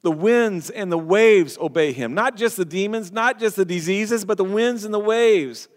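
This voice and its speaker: A man's voice: high-pitched, normal speed. A man preaching a sermon as pastor, earnest and emphatic, often restarting words and phrases. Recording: long hall reverb.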